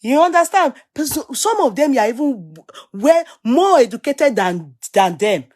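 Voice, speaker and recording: A middle-aged Nigerian woman giving an opinionated casual rant, animated and scolding, switching between English and Yoruba. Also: a little high, moderate pace. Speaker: vlogger.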